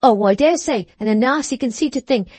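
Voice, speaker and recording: A woman's voice: on the high side, normal speed, a little mellow, breathy edge, no room sound. A woman reading the part of a boastful, teasing young boy in an audiobook, speaking with a superior air.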